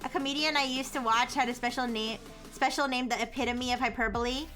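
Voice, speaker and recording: A young woman streamer talks loosely with her chat, reacting to messages and breaking into giggles. Her voice sits high and sounds bright and lively. Faint music plays underneath. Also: quick pace. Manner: chatty, reads and answers chat, giggles often. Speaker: livestreamer. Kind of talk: casual livestream chat.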